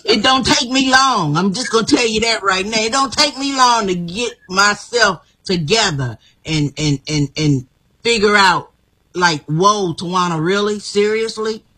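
A woman's voice: medium pitch, measured pace, pushed and bright, breathy edge, poor audio. A woman guest telling her life story in an emphatic, repetitive, motivational way. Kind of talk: inspirational personal story.

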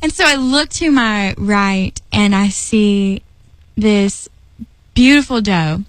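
A woman telling a personal faith story in a lively, chatty way, often laughing and acting out what she said. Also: medium pitch, slow pace, no room sound, low-quality recording. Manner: lively, chatty, laughs often, acts out her own lines. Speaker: storyteller sharing a faith testimony.

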